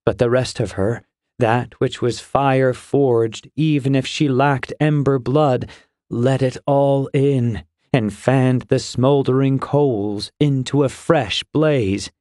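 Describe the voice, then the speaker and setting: A man reading a fantasy audiobook in measured, steady storytelling, close to a studio mic. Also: medium pitch, no echo. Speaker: audiobook narrator. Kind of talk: scripted fantasy narration.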